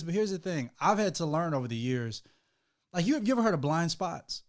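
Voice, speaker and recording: A man in his thirties co-hosting a casual chat with his wife, animated, laughing often and acting out quotes in a raised voice, speaking. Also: fairly high pitch, brisk. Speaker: co-host, husband.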